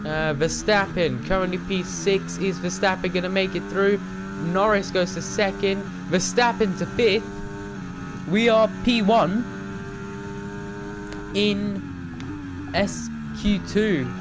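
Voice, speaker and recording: A young man streaming a racing game live, talking to the other drivers and calling his own laps in excited commentary. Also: high-pitched, a little slow, creaky, loud music behind the voice.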